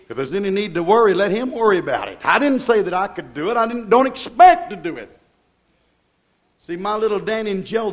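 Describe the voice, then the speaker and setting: A man preaching a sermon in a plainspoken, folksy way, building up with emphatic repetition. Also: high-pitched.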